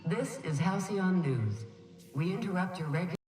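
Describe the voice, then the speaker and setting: A woman's voice: on the low side, animated, normal speed, echoey room, far from the mic, natural voice. A woman voicing an in-game news announcer with formal broadcast delivery.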